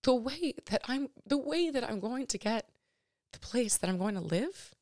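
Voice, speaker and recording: A woman in her thirties hosting her own podcast, talking personally and emotionally in a halting way with many restarts and fillers. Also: on the high side, expressive, a little mellow, no room sound, studio quality. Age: 30s. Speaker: podcast host.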